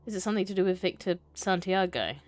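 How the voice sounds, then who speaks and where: A woman's voice: lowish voice, expressive, quick pace, soft background music, close to an everyday voice. A woman reading a falsely casual, sweet-talking nurse in a story game. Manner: studied casualness.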